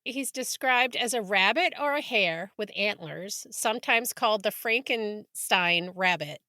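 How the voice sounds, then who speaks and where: A woman hosting a podcast, chatting casually in a playful, excitable way. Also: mid-range voice, a little slow. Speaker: podcast host.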